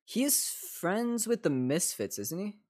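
A young man streaming a game and chatting casually, swearing a lot, giggling and breaking into excited bursts. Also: sits high, measured pace. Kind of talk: casual gameplay chat.

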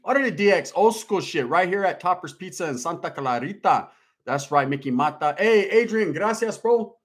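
Here a middle-aged man runs a casual stream, tossing off viewer comments in easygoing street slang. His pitch is on the high side with a fairly bright tone.

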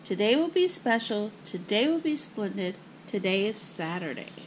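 A woman's voice: fairly high pitch, lively intonation, unhurried, a little hiss or hum, low-quality recording. A woman reading a storybook aloud, voicing an upbeat, easily flustered mother in a soothing, singsong way. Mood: reassuring.

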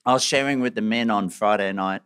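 A man's voice: lowish voice, fairly quick, smooth. A man preaching a sermon, joking at his own expense and laughing often. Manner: self-mocking, animated, laughs often.

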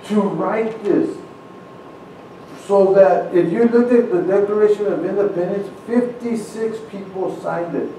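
A man's voice: high-pitched, dark tone, a little hiss or hum. Earnest man in a very echoey hall. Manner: earnest, halting, repeats words as he restarts. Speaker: church speaker. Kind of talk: address to a congregation, reading founding documents aloud. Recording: very echoey room, speaker far from mic.

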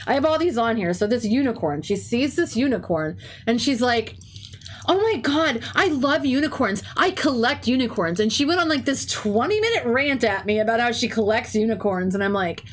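This slightly high voice belongs to a young woman who talks briskly with lively intonation and barely any pauses while chatting on stream. She's a teacher and game streamer whose casual stories overflow with "like" and swearing, and she has a stuffy, runny nose.

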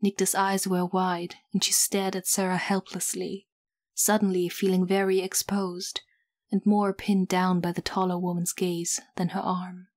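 Woman reading a story in an even tone. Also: fairly low pitch, unhurried. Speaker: audiobook reader. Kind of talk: reading fan fiction aloud.

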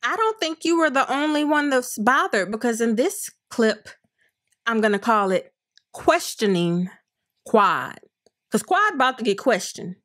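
Woman, frank casual chat, drawn-out emphasis, lively pitch, fairly high voice. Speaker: co-host of a reality TV review show.

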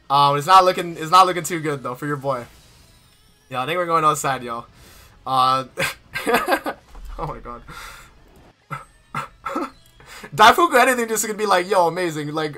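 Lively, bright-voiced young man gaming. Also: high voice. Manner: exasperated, repetitive slang, frequent laughter. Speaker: gaming streamer. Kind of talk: casual gacha summon commentary. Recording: faint game music behind. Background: game music.

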